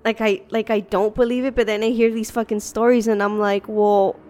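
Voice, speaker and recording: A woman's voice: medium pitch, flat delivery, a little fast, dark tone. A woman guest on a podcast, chatting casually about creepy experiences, swearing and laughing easily. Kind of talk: casual chat.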